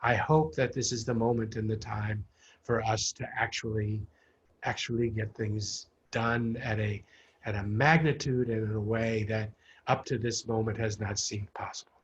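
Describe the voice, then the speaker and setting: A man serving as city mayor, speaking earnestly and deliberately on a video call, repeating words as he builds his point. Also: lowish voice, steady tone, slight background noise. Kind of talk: public forum remarks. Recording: muffled video-call audio.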